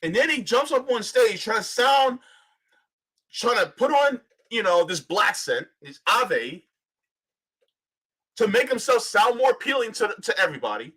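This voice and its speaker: A man's voice: high-pitched, big pitch swings, unhurried, sharp tone, husky, poor audio. A man giving heated political commentary on a live stream, ranting, sarcastic, and full of rhetorical questions.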